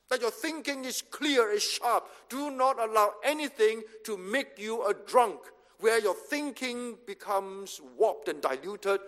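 Recorded with hall reverb in a church hall, a man preaching as pastor hammers his message through repeated short commands. He speaks in a high register with a fairly bright tone.

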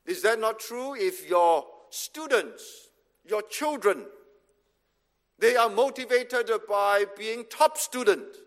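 Man, pastor, high-pitched, emphatic sermon delivery in a reverberant hall. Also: animated. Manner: emphatic, measured, repeats phrases for stress.

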